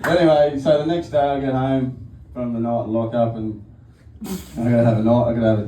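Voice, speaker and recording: A man's voice: mid-range voice, fairly even intonation, quick pace, distant mic. Crude, laughing stand-up man, echoey room. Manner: crude, rambling storytelling that keeps breaking into laughter. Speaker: stand-up comedian. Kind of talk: stand-up set. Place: comedy venue stage. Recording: echoey, noisy room miked from afar.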